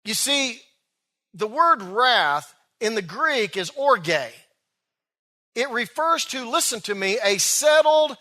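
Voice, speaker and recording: A male pastor preaching a sermon in an emphatic style, stretching out key words and swinging between loud and soft passages. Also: high voice.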